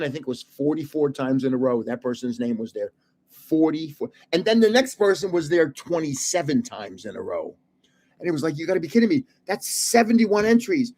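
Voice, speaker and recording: A man's voice: high-pitched, darkish tone. An older man hosting a late-night live stream, rambling casually with chuckles and restarts, sounding tired. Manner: rambling and chatty, chuckling often, many restarts. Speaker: livestream host running a card giveaway.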